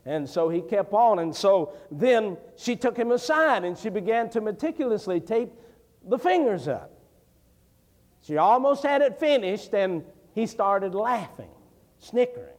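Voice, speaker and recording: A middle-aged evangelist preaches with a high voice that swoops widely between hushed lows and ringing peaks. His delivery is folksy and story-driven, and it climbs into fervent proclamation. The sound carries the long reverb of a church hall. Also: animated, unhurried. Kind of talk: preaching a sermon. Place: church sanctuary.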